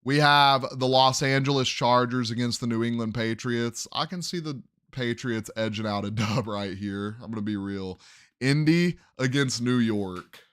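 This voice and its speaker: Speaking at a normal speed, this young podcast host talks through sports predictions in a relaxed way, doubting his own choices as he thinks aloud. He has a smooth, slightly bright, medium-pitched voice, and the studio audio is clean and dry.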